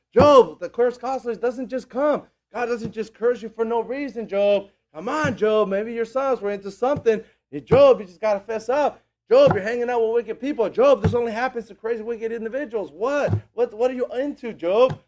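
A man's voice: very high voice, moderate pace, hardly any pauses, pitched above the performer's own voice. A man voicing nagging, self-righteous male friends who badger and accuse.

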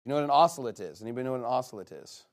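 A man leading a casual game with an audience. He reads a long list aloud and breaks it up with quick, teasing asides. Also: mid-range voice, lively intonation. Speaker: game leader reading out his list to players.

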